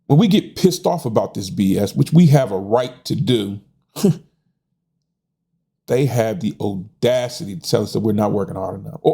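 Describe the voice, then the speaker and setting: A man's voice: mid-range voice, creaky, warm tone, breathy edge. A middle-aged American man in a casual monologue, frustrated and folksy, often stumbling over repeated words and tossing in "man". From United States. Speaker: host.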